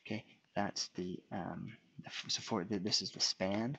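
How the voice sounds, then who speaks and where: A man's voice: on the low side, steady tone, normal speed, gravelly, a bit bright, husky. A man giving an unscripted whiteboard lecture, explaining step by step as he draws and often restarting his phrases. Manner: unscripted, restarts and fillers while drawing. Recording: dull lo-fi sound.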